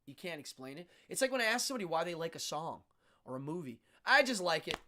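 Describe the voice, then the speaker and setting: A man's voice: on the high side, very animated, fast, fairly bright tone. A man from Pennsylvania, a stage magician, hosting a casual livestream and chatting with viewers in a loose, chuckling way. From Pennsylvania, USA. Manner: chatty, answers viewer comments, chuckles often.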